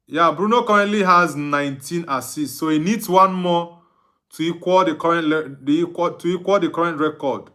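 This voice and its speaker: Bright-voiced Nigerian man streaming football. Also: a little high. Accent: Nigerian Igbo English. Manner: reads viewer comments aloud and answers them, laughs often. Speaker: football watch-along streamer. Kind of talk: live stream chat reading.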